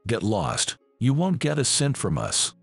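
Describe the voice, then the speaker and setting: Man reading a calm, firm mother. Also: mid-range voice, unhurried, vocal fry, husky, no echo, faint music behind, full character voice. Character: calm, firm mother protecting her family.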